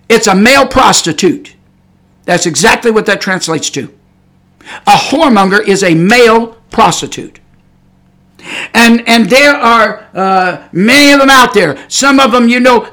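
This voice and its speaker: A man preaching a fiery sermon on a podcast, shouting and repeating his points for emphasis. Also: extremely high pitch.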